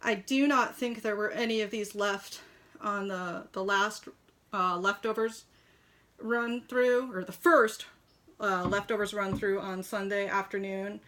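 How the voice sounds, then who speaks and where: A woman with a medium-pitched, fairly bright voice speaks at a measured pace with fairly even intonation. She's a toy shop owner chatting from her kitchen, gushing over a collectible model horse with plenty of fillers.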